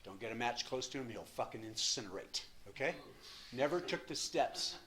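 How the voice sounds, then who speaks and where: A man's voice: mid-range voice, lively intonation, moderate pace, crowd noise. Impassioned older man sharing his recovery. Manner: impassioned, emphatic, profane, swings from hushed to loud. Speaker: speaker at a recovery meeting. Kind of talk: personal recovery share.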